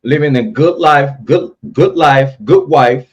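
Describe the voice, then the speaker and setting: A male streamer with a fairly high, unhurried voice reads comments from viewers and rants about other content creators, talking straight to his chat on a casual livestream. The sound is dull lo-fi.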